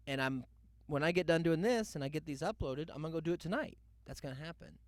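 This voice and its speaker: A man's voice: on the high side, animated, fast, dry recording, studio quality. A young man hosting a podcast, telling a loose comic story full of asides and mock quotes. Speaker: podcast host. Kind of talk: rambling comedic monologue.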